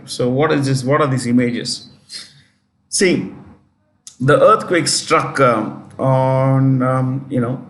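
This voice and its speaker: Chatty Indian English teacher, self-correcting. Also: male voice, mid-range voice, reverberant. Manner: chatty, repeats points, corrects himself aloud; speaks directly to students. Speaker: test-prep teacher. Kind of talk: current affairs lesson.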